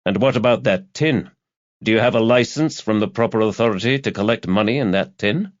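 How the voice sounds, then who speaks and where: A man voicing a world-weary, sardonic middle-aged male detective who talks in a dry, mocking, low-key way. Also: brisk, no echo, natural voice. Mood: needling. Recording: dull, dry lo-fi audio.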